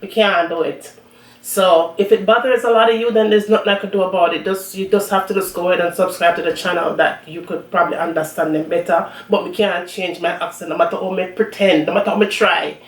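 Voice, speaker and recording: A woman's voice: on the low side, fairly even intonation, fairly quick. A woman from Jamaica with a strong Jamaican accent, hosting a cooking channel and chatting casually and bluntly in patois while she eats. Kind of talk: casual mukbang chat. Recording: roomy audio from a distant mic.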